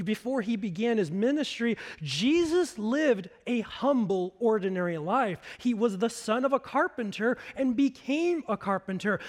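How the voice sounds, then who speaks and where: A man preaching a sermon as pastor, slow and emphatic, dropping to a hush at times. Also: very high-pitched, in a large hall.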